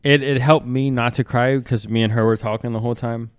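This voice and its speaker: Laid-back young man, smooth voice. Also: medium pitch, steady tone, no echo, clean studio sound. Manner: laid-back, halting, many fillers. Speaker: podcast co-host, the groom. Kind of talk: casual chat.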